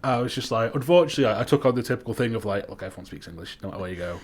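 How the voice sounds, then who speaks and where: A young man with a Manx accent, co-hosting a casual chat podcast, who swears freely and gets animated when he rants. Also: mid-range voice, very fast. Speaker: podcast co-host.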